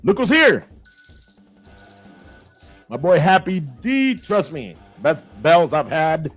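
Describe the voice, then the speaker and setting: Energetic man hosting a livestream. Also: on the high side, slow, over music. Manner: lively, shout-outs to viewers, mixes in Spanish phrases. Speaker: show host. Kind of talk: casual livestream chat.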